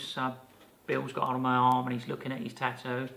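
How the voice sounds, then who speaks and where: Gravelly older man telling stories. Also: medium pitch, brisk. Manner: animated anecdote teller, many fillers and restarts. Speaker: podcast co-host. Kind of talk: casual storytelling chat.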